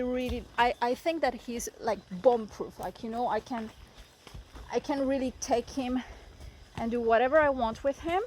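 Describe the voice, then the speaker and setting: A woman chatting excitedly and giggling while riding her horse outdoors, holding the camera. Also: sits high, a little hiss or hum. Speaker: riding coach vlogger. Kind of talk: casual vlog. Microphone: handheld camera.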